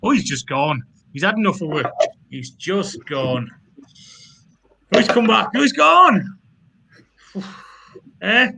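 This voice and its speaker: A man's voice: high-pitched, big pitch swings, slow pace, gravelly, pauses often, pushed and bright, a little hiss or hum. A man with a Geordie accent hosting a pun contest, chatty and teasing, with self-mocking banter. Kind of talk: casual banter.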